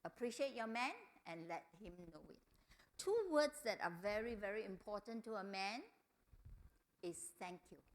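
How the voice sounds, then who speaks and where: A middle-aged woman giving a family seminar talk, telling stories and acting out quotes in a higher voice. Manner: animated storytelling, acts out quotes in a higher voice. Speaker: seminar speaker.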